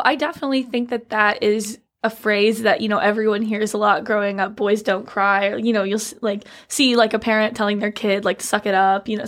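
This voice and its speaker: Young woman guest on a podcast, kinda high voice, lots of "you know". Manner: thoughtful, many fillers like "you know". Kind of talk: casual panel chat.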